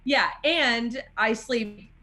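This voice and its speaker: A woman's voice: a little high, extremely slow. A young woman co-hosting a podcast, telling a funny personal story in casual chat and laughing as she goes. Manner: animated, laughs while telling stories. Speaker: podcast co-host.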